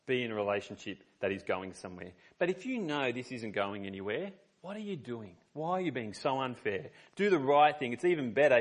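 A man preaching a sermon as a pastor, reading scripture and telling personal stories in an earnest, conversational way. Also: medium pitch.

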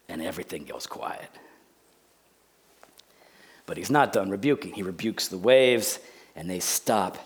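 A deep-voiced pastor in his forties preaches a sermon in a conversational, jokey way. He swings from loud outbursts to hushed lines that are nearly whispered.

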